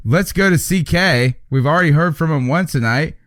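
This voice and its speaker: A man hosting a sports call-in podcast, excitable and exclamatory as he reacts and takes callers. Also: a little high, moderate pace, no room sound, studio quality. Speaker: podcast host. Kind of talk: lively sports podcast chat.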